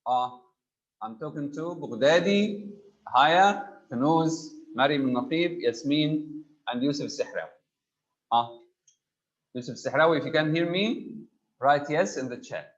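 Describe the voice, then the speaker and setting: A man's voice: a little high, expressive, measured pace, muffled recording. A man teaching a grammar class online, patiently prompting students by name for answers.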